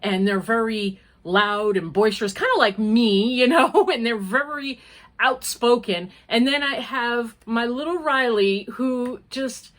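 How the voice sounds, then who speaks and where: A woman's voice: a little high, a little slow, a bit bright. An older woman, a grandmother, hosting a casual crochet vlog, chatty and rambling with frequent laughs. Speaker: crochet vlogger. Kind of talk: casual chat.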